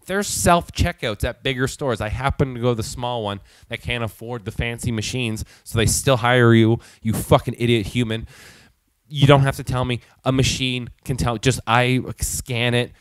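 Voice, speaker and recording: A man's voice: medium pitch, steady tone, moderate pace, smooth, no echo. A man hosting his own show, telling a heated, profanity-filled comic story. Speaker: show host.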